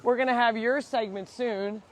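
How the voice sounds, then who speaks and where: Leading a live tour outdoors on her farm, the woman who runs this animal sanctuary speaks in a fairly high, steady voice at a moderate pace, with slight background noise. Using a handheld mic, she chats easily and talks baby-talk to the animals.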